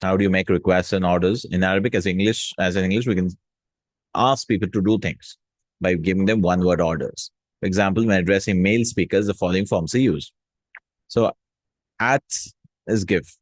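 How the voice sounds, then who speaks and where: A man teaching vocabulary in a casual lesson, repeating words slowly and checking in with "hmm?" and "no?". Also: deep voice, dry recording. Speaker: Arabic teacher.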